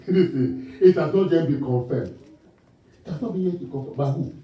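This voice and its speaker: A man from Ghana preaching a sermon in an animated way, asking the congregation call-and-response questions and laughing along with his own stories. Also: fairly high pitch, moderate pace. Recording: distant mic in a reverberant church hall, muffled.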